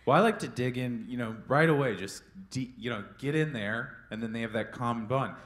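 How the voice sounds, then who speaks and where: A man's voice: mid-range voice, fairly quick, a bit bright, echoey room. A man co-hosting a live podcast on stage, rambling and teasing, playing to the audience. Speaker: podcast co-host. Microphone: handheld mic.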